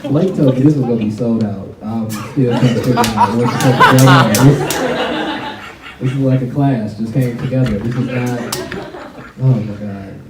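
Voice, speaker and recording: A young Canadian man performs a loose, conversational stand-up set in a large college hall, laughing at his own jokes. His medium-pitched voice is steady and at normal speed, but the recording is very noisy: the hall echoes, the mic is far away, and the crowd is loud.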